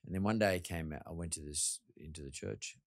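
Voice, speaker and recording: A man's voice: very deep voice, fairly quick, dry recording, clean studio sound. A middle-aged man hosting a podcast, telling a candid story in a blunt, reflective way and swearing freely. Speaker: podcast host.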